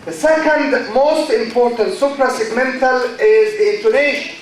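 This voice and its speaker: Lecturer in an echoing hall. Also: male voice, extremely high pitch, moderate pace. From Egypt. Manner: repeats key words, quizzes students. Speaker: university lecturer. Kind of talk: classroom lecture. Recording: echoey hall, distant mic.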